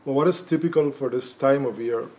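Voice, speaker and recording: Measured male weather official. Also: medium pitch, a little mellow, rough recording. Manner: measured, explanatory, with frequent fillers. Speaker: chief hydrometeorological officer, studio guest. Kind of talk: expert explanation in an interview.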